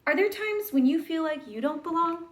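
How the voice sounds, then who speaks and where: Woman, high voice, gentle storybook reading, questions for young listeners. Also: lively intonation, moderate pace. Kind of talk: reading a children's book aloud.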